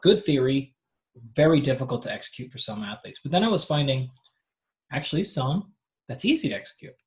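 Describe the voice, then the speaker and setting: Male coach guest, animated conversational explainer, lots of fillers, mid pitch. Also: brisk. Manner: animated explainer, acts out athletes' voices; frequent filler "like" and restarts. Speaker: performance coach, podcast guest. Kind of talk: casual interview conversation.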